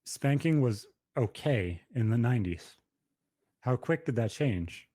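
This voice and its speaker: A man's voice: medium pitch, lively intonation, a little slow, warm tone, no room sound. A man in his thirties telling a personal story on a podcast in a blunt, profane, emphatic way. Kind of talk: casual podcast conversation.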